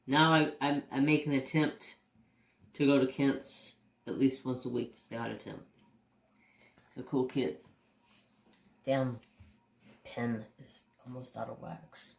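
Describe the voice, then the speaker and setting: A man's voice: mid-range voice, flat delivery, a little slow, vocal fry, long pauses. A man hosting a crafting channel tells stories in a casual, rambling way while he works at his craft table. He talks candidly, swears mildly and often restarts his sentences. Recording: roomy echo.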